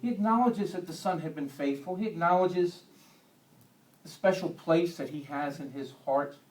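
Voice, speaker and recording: A man's voice: on the high side, normal speed, darkish tone. A man teaching a Bible lesson to a church group in a conversational way, with homely humorous asides. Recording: echoey room, distant mic.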